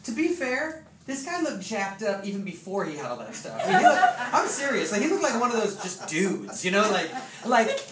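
Animated preacher telling a story, echoey hall. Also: medium pitch, normal speed, few pauses. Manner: animated, laughing, many fillers. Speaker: pastor. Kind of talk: storytelling sermon. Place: church hall with congregation. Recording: echoey hall, distant, noisy.

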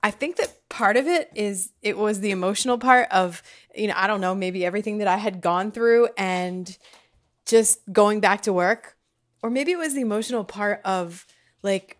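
A woman's voice: medium pitch, normal speed. Chatty woman musing at home. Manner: warm, chatty, rambling with fillers. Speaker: vlogger sharing personal reflections. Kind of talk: casual heartfelt talk to viewers. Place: home, kitchen or dining table.

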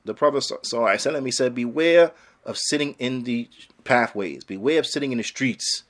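A man's voice: medium pitch, fast. A man giving a religious lecture as an Islamic teacher, emphatic and casual in phrasing, firing off rhetorical questions.

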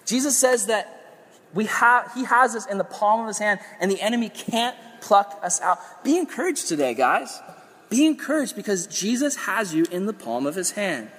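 A man preaching a sermon in an energetic, conversational way with playful asides, his voice a little strained as he is losing it. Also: high-pitched, moderate pace, husky, long reverb tail.

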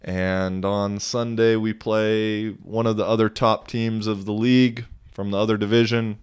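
A man's voice: on the low side, flat delivery, a little slow, clear, resonant tone. A young man hosting a casual solo podcast, telling a story in a laid-back, rambling way with casual swearing, sounding a little tired. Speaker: podcast host.

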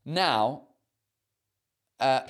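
A man's voice: medium pitch, animated, drawn-out words, fairly bright tone. Rambling man chatting. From United Kingdom. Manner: rambling, swearing, many fillers. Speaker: host. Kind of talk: casual livestream chat.

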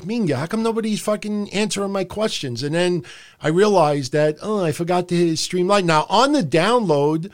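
A middle-aged man hosting a live stream, talking in a loose, rambling and profane way from a room at home. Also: sits high. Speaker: podcast host. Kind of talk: casual live-stream commentary. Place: home room under hot lights.

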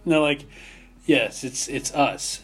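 Faint music plays behind this young Minnesotan man as he co-hosts a laid-back podcast, spinning lively stories and laughing frequently. His husky, medium-pitched voice takes things slowly.

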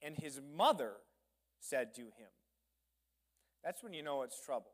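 A man's voice: on the high side, very animated, unhurried, breathy edge. A male pastor preaching a sermon, reading scripture and adding humorous, conversational asides.

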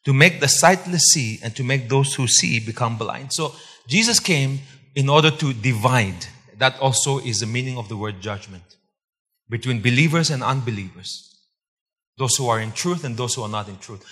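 Husky-voiced preacher in a reverberant hall. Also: male voice, mid-range voice, lively intonation, moderate pace, pushed and bright. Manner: emphatic, repeats key points, quizzes the congregation. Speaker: pastor. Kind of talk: sermon.

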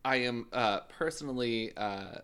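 A man's voice: medium pitch, unhurried, a loud crowd. A man co-hosting a podcast, recapping and teasing in casual chat. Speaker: podcast co-host.

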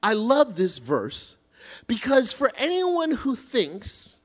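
Lively, animated male preacher. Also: extremely high pitch, slow pace. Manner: animated, self-deprecating storytelling with many restarts. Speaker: pastor. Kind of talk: sermon.

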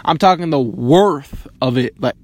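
A man's voice: medium pitch, a little slow. A man in his early twenties rambling casually, swearing often and filling his questions with "like". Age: 20s.

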